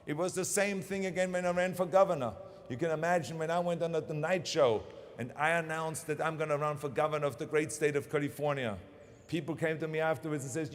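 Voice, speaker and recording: Commencement speaker: German-accented man in his 60s, punchy and repetitive in his delivery, slightly high voice ringing through a big venue. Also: fast, big-room sound. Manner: emphatic, repeats phrases for punch. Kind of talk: motivational commencement speech. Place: large ceremony venue.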